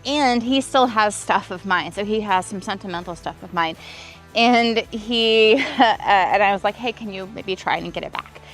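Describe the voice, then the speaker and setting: A woman's voice: mid-range voice, moderate pace, faint music behind. A woman vlogging as a relationship coach, telling a personal breakup story and explaining attachment patterns, acting out quoted exchanges with emphatic lists. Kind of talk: personal vlog storytelling with advice.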